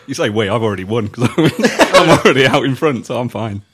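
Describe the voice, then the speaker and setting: Man, co-host, dry teasing banter, animated pitch. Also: brisk, background noise. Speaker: podcast co-host. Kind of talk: casual podcast chat.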